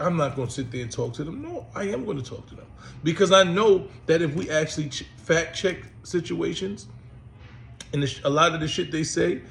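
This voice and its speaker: A man's voice: a little high, gravelly, slight background noise. A man hosting his own channel, talking bluntly and emphatically in casual commentary, often repeating himself. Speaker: host.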